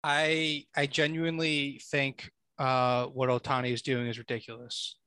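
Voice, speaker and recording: A man's voice: mid-range voice, completely flat delivery, measured pace, pushed and bright, smooth, dry recording. A man in a casual sports chat, arguing emphatically and citing stats. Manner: emphatic, stat-heavy arguing.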